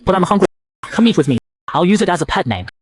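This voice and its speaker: A man's voice: high-pitched, big pitch swings, quick pace, husky, no echo, heavily acted. A man voicing a smug, pushy shark. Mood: coaxing. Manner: teasing, persistent, possessive. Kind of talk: comic recap narration.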